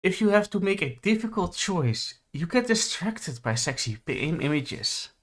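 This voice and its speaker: A man chatting casually on a stream, halting and restarting often, searching for words. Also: sits high, sing-song, fairly bright tone. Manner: halting, many restarts and fillers. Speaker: podcast co-host.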